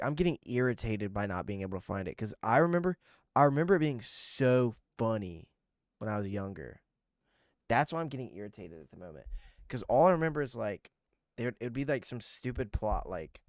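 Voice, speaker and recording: Rambling through a casual livestream chat with viewers, a young man swears and grows irritated. He has a lowish voice, captured with clean studio sound and no echo.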